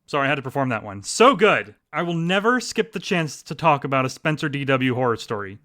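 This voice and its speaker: A man's voice: mid-range voice, big pitch swings, brisk, sharp tone. A man in his thirties hosting a podcast, chatting enthusiastically about stories he enjoyed and joking at his own expense. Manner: enthusiastic, chatty, self-deprecating. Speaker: podcast host. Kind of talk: casual podcast recommendations.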